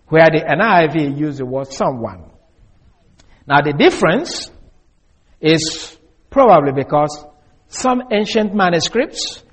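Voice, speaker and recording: A man preaching an expository Bible teaching, measured and deliberate, slowing down to stress key words. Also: on the high side, slightly rough. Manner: measured, deliberate, with restarts and slow emphasis.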